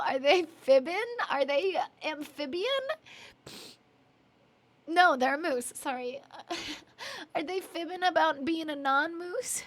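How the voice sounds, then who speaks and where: Giggly teary high-voiced woman streamer. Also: a little slow, fairly bright tone. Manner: giggly, emotional, apologetic. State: teary and yawning. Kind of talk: casual chat reading viewer messages.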